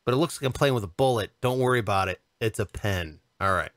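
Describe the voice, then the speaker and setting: A man's voice: lowish voice, quick pace, fairly bright tone, no echo, studio quality. A man in his thirties co-hosting a podcast, telling a comic anecdote in casual chat and acting out the voices of the people in it. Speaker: podcast co-host.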